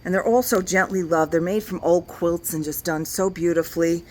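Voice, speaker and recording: Inside a large antique store, the owner walks around at an easy pace, showing off items and thinking through discounts aloud. Her lowish voice has a somewhat dark tone and moves at normal speed.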